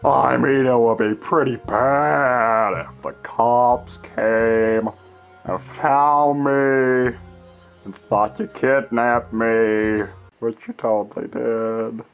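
A man's voice: mid-range voice, steady tone, drawn-out words, vocal fry, narrow, tinny audio, soft background music. A young man voicing an awkward, whiny teenage boy Jedi who hesitates and rambles. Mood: hesitant. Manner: hesitant and rambling, full of fillers.

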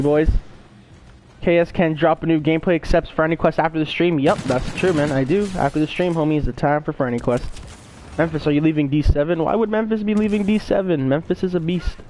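A man's voice: fairly high pitch, darkish tone, slight background noise. A young man live-streaming a game, casually greeting his viewers by name over a gaming headset.

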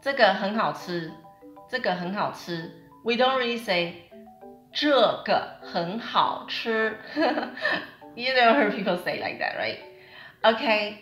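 A young woman from Taiwan with a Taiwanese accent, a Mandarin teacher giving a chatty video lesson and repeating words slowly to demonstrate them. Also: mid-range voice, fairly bright tone, roomy sound. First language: Mandarin Chinese.

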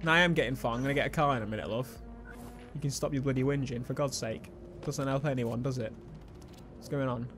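A young man giving excitable, swearing let's play commentary over a video game. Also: mid-range voice, fast talker, music in the background. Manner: excitable, swearing, laughing at his own jokes. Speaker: gaming YouTuber. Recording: game gunfire and sounds behind.

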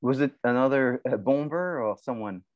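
A man's voice: mid-range voice, moderate pace, no echo, dull audio. A male marketing professor giving a conversational class lecture, asking and answering his own questions.

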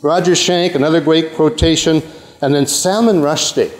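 A man's voice: a little high, fairly even intonation, normal speed. Older man lecturing in a reverberant hall. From Canada. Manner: rambling, self-interrupting, with frequent okays and asides. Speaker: university lecturer. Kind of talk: academic lecture.

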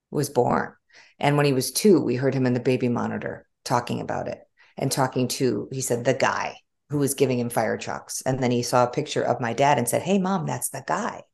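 A middle-aged woman with a Chicago accent, a former journalist telling stories in an animated, conversational interview. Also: very deep voice, creaky. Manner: animated storytelling with frequent laughs. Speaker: guest, former broadcast journalist.

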